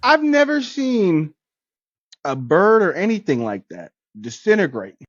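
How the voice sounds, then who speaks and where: A man's voice: high-pitched, big pitch swings, unhurried, no room sound. A man co-hosting a podcast, riffing and rambling in a joking, boastful way. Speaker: podcast co-host. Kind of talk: casual chat. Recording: dry, dull lo-fi sound.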